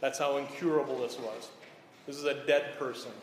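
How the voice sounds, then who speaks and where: A pastor preaching a sermon in an earnest way, often checking in with the listeners. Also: male voice, mid-range voice, steady tone, moderate pace. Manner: earnest, repeats "okay?" to check in. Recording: echoey hall, faint room noise.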